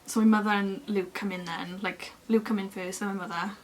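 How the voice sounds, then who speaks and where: A young woman, chatting casually to camera as she tells a long personal story in an expressive, lively way. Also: mid-range voice, fairly quick. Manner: chatty and expressive, acting out other people's lines. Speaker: beauty vlogger.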